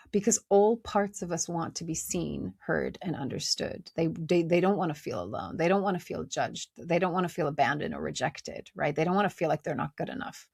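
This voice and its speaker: A woman hosting a podcast, speaking in a gentle, conversational way with many fillers as she reflects on inner life. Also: low voice, gravelly, slightly rough, dry recording, clean studio sound. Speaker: podcast host. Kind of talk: reflective spiritual talk.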